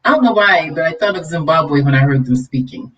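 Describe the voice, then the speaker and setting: A woman's voice: deep voice, expressive, brisk, highs cut off. A woman hosting a casual livestream, preaching and scolding with conviction, then turning chatty and laughing with her viewers. Her voice sits a little away from the microphone, so it sounds slightly distant. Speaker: vlog host. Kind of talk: livestream commentary.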